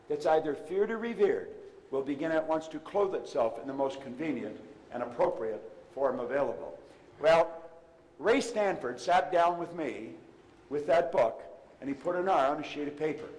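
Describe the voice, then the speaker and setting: An older man giving a motivational talk to a live seminar audience, emphatic, his voice swinging between loud and hushed. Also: fairly high pitch, lively intonation, normal speed, big-room sound, poor audio. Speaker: motivational speaker. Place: seminar room before an audience.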